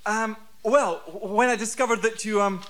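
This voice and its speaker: A man's voice: high-pitched, normal speed, a bit bright. A Scottish man playing a nervous young male job candidate, hesitant and stammering. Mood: flustered. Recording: live audience laughing.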